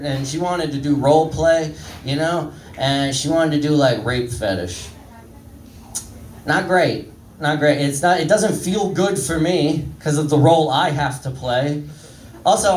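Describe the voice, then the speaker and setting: A comedian in his thirties, with a fairly high voice and a slightly slow delivery, rambles crudely and mocks himself while talking to the crowd. He's heard from afar on an echoey comedy club stage, with a bit of hiss or hum.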